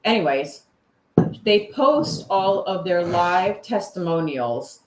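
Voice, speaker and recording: A woman's voice: on the low side, expressive, takes it slowly, roomy sound, heavy background noise. A woman co-hosting a casual live chat show, reading out viewer comments and laughing easily. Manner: giggly, reads out comments.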